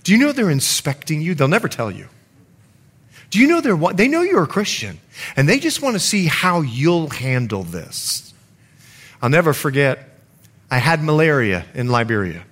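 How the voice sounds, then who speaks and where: A man's voice: fairly high pitch, normal speed, slightly rough. A middle-aged man preaching a sermon as pastor, telling stories with acted-out quotes. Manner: storytelling with lively acted quotes.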